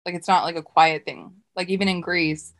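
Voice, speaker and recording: A woman's voice: lowish voice, flat delivery, fairly quick. A woman from the United States co-hosting a podcast, talking enthusiastically and often repeating words. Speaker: podcast co-host. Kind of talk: casual chat.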